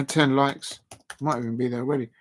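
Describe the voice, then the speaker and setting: A man's voice: medium pitch, fairly even intonation, normal speed. A man hosting a casual live stream, reading out viewer comments and rambling with lots of fillers and restarts.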